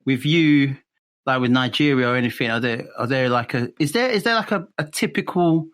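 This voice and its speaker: A man with an English accent chatting casually as a podcast co-host, halting and restarting often, with laughs between phrases. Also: mid-range voice, fairly bright tone. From England. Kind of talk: casual chat.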